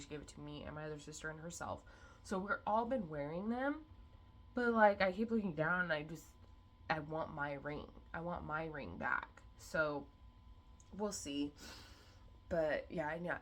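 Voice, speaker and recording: A woman's voice: low-pitched, fairly bright tone, slight background noise. A young woman vlogging about her day in a rambling, chatty way, with lots of fillers and restarts. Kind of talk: casual vlog chat.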